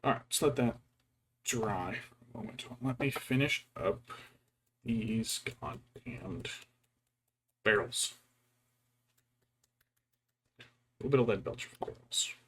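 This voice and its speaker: A man, a VTuber, chatting casually and telling stories while painting miniatures, slipping into quiet whispers and quick mock voices. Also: mid-range voice, a little hiss or hum. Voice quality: gravelly and husky. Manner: storytelling, doing brief mock voices for his wife and cats; often drops to a quiet whisper.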